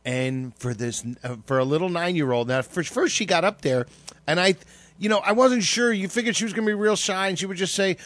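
A man's voice: sits high, brisk, fairly bright tone, dry recording. A man co-hosting a radio talk show, telling a rambling, emotional story with plenty of profanity. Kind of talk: casual podcast chat.

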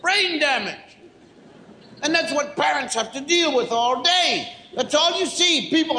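A man doing a stand-up routine, exasperated, mimicking parents with rapid repeated phrases. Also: very high voice, expressive, pushed and bright, reverberant, a little hiss or hum, rough recording. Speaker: stand-up comedian.

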